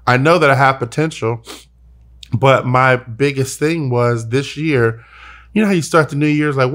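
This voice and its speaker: A man's voice: medium pitch, normal speed, fairly bright tone. A young adult man hosting a podcast, talking earnestly and emotionally, often repeating words as he searches for them. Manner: earnest, repeats himself when moved. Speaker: podcast host. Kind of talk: emotional personal conversation.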